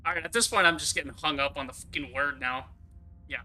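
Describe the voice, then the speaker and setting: Very bright-voiced rambling gaming streamer. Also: medium pitch, fast, rough recording. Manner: rambling, swears often, laughs easily. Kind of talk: casual live-stream commentary.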